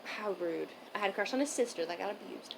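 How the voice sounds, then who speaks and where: A young woman co-hosting a casual podcast chat, blunt and profane, swinging from loud outbursts to mumbled asides. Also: mid-range voice, expressive, fast talker, vocal fry, a little hiss or hum. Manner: blunt, swears often, jumps between loud and mumbled. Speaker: podcast co-host.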